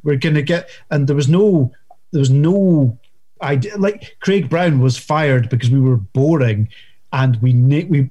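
A man's voice: mid-range voice, warm tone. A Scottish man in casual football chat on a podcast, rambling with many restarts. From Scotland. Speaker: podcast co-host.

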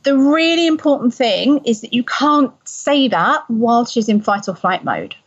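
A woman explaining parenting advice in a calm, gentle conversational way. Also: on the high side, moderate pace, breathy edge. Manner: calm, gentle, soothing when voicing a parent. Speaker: parenting expert guest. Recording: slightly dull lo-fi sound.

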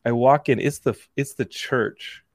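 A man in his forties, a podcast host, telling a story in casual chat and acting out the dialogue in lively quoted voices. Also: mid-range voice, unhurried, no room sound, studio quality. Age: 40s.

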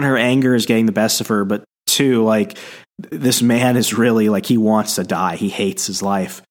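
A man co-hosting a casual podcast, retelling comic book scenes and quoting the characters, with frequent fillers. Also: fairly low pitch. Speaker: podcast co-host.

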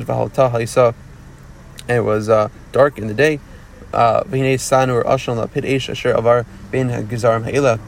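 A man with a gravelly, creaky voice leads a verse-by-verse Torah class. He reads each Hebrew phrase aloud, then explains it in plain English, often stopping and restarting mid-sentence. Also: mid-range voice, a little mellow. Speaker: Torah teacher.

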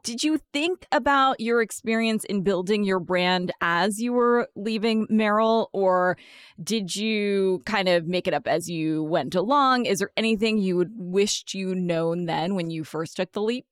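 A woman's voice: medium pitch, clean tone, no room sound, clean studio sound. A woman hosting a podcast, asking questions with eager, enthusiastic interest. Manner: enthusiastic, reacts with quick laughs and remarks. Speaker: podcast host.

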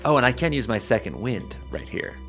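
A man's voice: mid-range voice, very animated, brisk, over music. A man playing a tabletop game, laid-back and dry in his remarks. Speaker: player. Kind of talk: casual game chat.

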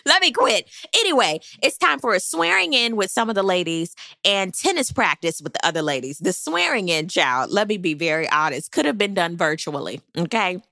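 A bright, sharp-voiced woman, recapping reality TV drama with wildly swooping pitch and a gravelly edge. Her talk is sassy and gossipy, full of laughing asides. The sound is close and dry. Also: dry recording. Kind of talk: casual recap commentary.

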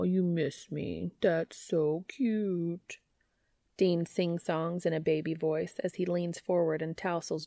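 A woman narrating a story aloud in a wry, even reading voice, close to the mic. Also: on the low side, dry recording. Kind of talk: fan fiction audiobook reading.

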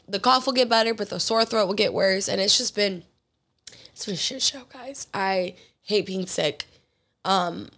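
A young woman hosting her own podcast, hoarse from illness, talking candidly and rambling in casual solo chat. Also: medium pitch, a bit bright. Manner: candid, rambling, quotes others in conversation. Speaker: podcast host; fitness trainer and athlete.

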